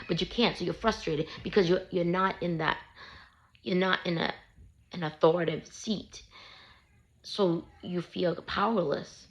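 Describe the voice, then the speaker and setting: A woman speaks in a deep voice with a grainy, creaky edge, coaching her viewers through self-help advice. Her delivery is casual, earnest and repetitive, like a parent talking things through. She records herself on a handheld phone. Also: steady tone, a little slow, dull audio. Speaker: parent giving healing advice.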